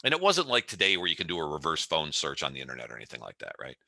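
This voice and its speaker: A man's voice: extremely low pitch, racing, no echo. A man in his fifties, a company CEO, telling a story as an interview guest and acting out the scene as he goes. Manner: animated storyteller who acts out the scene.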